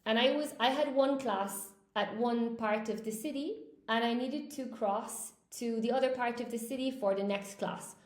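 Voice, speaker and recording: Woman English teacher, chatty live-stream storyteller, slightly high voice, roomy echo. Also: normal speed. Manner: chatty, greets viewers by name mid-story. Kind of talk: casual storytelling in a live lesson. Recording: echoey room.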